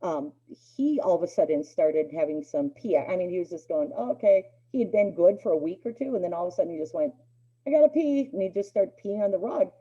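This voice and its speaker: A woman's voice: lowish voice, expressive, quick pace, few pauses, dark tone, husky. A middle-aged woman teaching a dog obedience class in a chatty lecture, acting out the dogs' thoughts in playful voices. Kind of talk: casual spoken lecture to a class. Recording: dull lo-fi recording.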